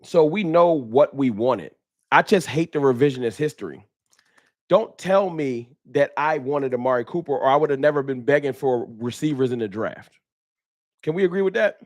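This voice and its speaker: A man's voice: medium pitch, normal speed, no room sound. A man hosting a casual fan talk livestream, emphatic and slangy, repeating himself as he argues his points into a close mic. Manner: animated, emphatic, repetitive, slangy. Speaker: host.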